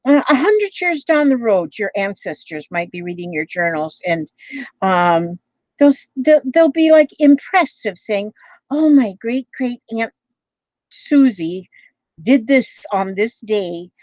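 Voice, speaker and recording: Woman craft vlogger, chatty and rambling, slightly high voice, dry and dull home recording. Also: sing-song, slow pace, darkish tone, no echo. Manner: rambling, chatty, many fillers. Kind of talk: casual chat.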